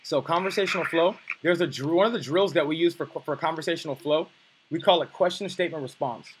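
A man's voice: a little high, fast talker, noisy background. A man coaching on dating, teaching in a blunt, profane, emphatic way. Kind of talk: coaching lesson.

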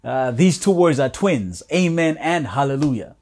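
A pastor preaching a sermon, reading scripture aloud with rising emphasis and calling out to the congregation. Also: male voice, mid-range voice, a little mellow. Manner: slow, deliberate preaching with dramatic swells.

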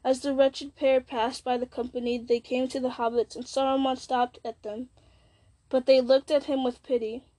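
A woman reads an audiobook aloud in a high, clear voice. Her delivery is measured and steady. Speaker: narrator. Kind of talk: audiobook reading.

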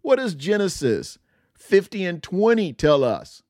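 A man's voice: high voice, big pitch swings, measured pace, darkish tone, dry recording, studio quality. A man hosting a Bible podcast, preaching in an emphatic style that repeats phrases for effect. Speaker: podcast host teaching the Bible.

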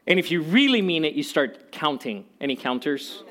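A man's voice: a little high, very animated, moderate pace, a bit bright. A man preaching a sermon in a conversational way, telling personal stories with humor and repeating key phrases for emphasis. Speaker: pastor.

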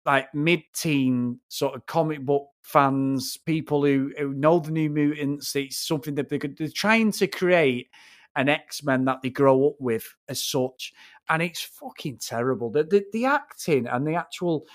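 A man's voice: fairly high pitch, a little slow. A man co-hosting a film review podcast, ranting bluntly and swearing freely in casual chat.

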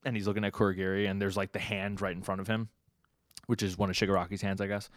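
A man's voice: low-pitched, little pitch movement, fast, no room sound, clean studio sound. A young man co-hosting a podcast, casually recapping comic chapters in a loose, rambling way with lots of "like" and self-corrections. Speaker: podcast co-host.

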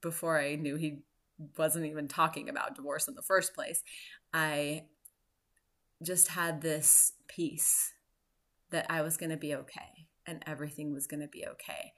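A woman in her forties, a podcast host, telling a personal story in an earnest, reflective way with soft laughs. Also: deep voice, flat delivery, a little slow. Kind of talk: personal story and motivational talk.

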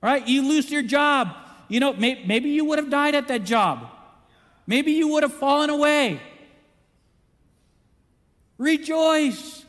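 A man preaching a sermon in an animated way, acting out the voices he quotes. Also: very high voice, takes it slowly, pauses often, big-room sound. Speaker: pastor.

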